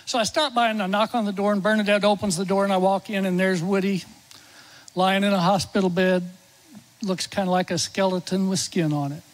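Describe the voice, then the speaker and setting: High-voiced preacher man telling a story. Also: little pitch movement, fairly quick, poor audio. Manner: tells the story warmly, drops to a near-whisper when quoting the dying man. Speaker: chaplain and preacher. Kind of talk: sermon storytelling. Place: church sanctuary.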